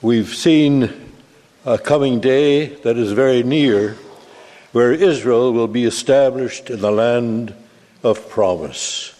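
A man delivers a sermon at a very slow, deliberate pace. His tone is mellow and dark, and long reverb from the church hall hangs behind his words. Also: medium pitch. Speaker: preacher.

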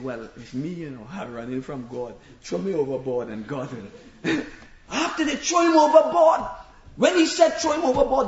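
A male preacher with a very high, lively voice delivers an impassioned sermon, shouting at the peaks and acting out Bible stories. He keeps calling on his listeners to listen. The recording is echoey and dull, lo-fi. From immigrant to America. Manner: repeatedly calls out "listen" to the congregation.

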